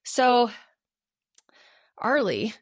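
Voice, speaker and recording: A woman's voice: a little high, big pitch swings, very slow, dry recording, clean studio sound. A young adult woman co-hosting a podcast, telling a personal story in a casual, chatty way with many fillers. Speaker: podcast co-host.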